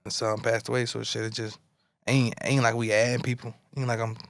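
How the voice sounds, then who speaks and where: Laid-back young rapper with a gravelly voice. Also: male voice, medium pitch, little pitch movement, brisk, a bit bright, no echo, clean studio sound. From Florida. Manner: laid-back, slangy, repeats "you know what I'm saying". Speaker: rapper guest. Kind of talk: casual interview chat.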